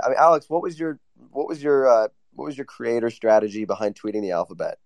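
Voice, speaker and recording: A man's voice: mid-range voice, fast, few pauses, a little mellow, dry recording. A man joking around boisterously in a casual chat.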